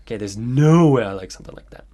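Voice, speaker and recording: A man's voice: mid-range voice, lively intonation, fast, mellow. Man teaching Japanese grammar patiently. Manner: patient, says "okay" often, reads example sentences aloud. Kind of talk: explaining grammar in a video lesson. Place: home room with birds heard outside.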